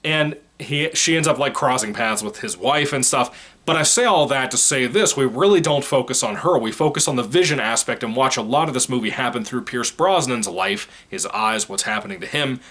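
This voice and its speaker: A man's voice: medium pitch, a bit bright. Blunt, profane male movie reviewer. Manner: blunt, profane, opinionated rambling. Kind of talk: casual spoken film review.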